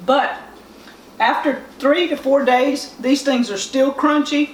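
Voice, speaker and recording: A woman's voice: high-pitched, steady tone, slow. A woman with a Southern US accent, plain-spoken and homespun, walking step by step through a home cooking demonstration as host. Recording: echoey room, distant mic, faint hiss.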